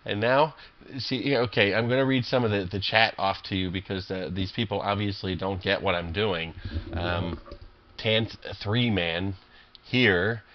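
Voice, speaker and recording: A man's voice: on the low side, moderate pace, dull audio. A man commentating his own online poker games, irritable and swearing, rambling with lots of fillers and restarts. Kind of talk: profane live game commentary.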